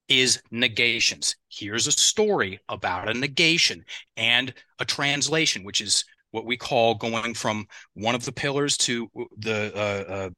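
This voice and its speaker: A middle-aged man talks as an expert podcast guest and tells stories with plenty of energy. He often acts out other people's words. His voice is very bright and tense, recorded close and dry on a headset mic with no room sound. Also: medium pitch, no echo. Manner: animated, acts out other people's words, addresses listeners directly. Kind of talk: conversational podcast interview with storytelling.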